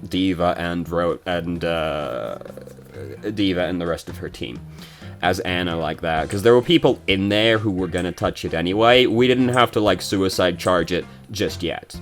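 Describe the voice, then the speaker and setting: Young male game reviewer, deep-ish casual voice, sweary play-by-play, faint music bed. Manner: swears and rants when frustrated, quick asides. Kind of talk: casual gameplay commentary.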